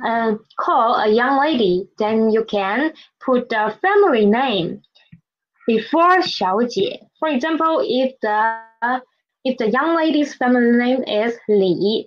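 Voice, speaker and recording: A woman's voice: on the high side, dull audio. A woman teaching a language lesson, patiently modeling words and repeating them for students to read after her. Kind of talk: slow, clear classroom instruction.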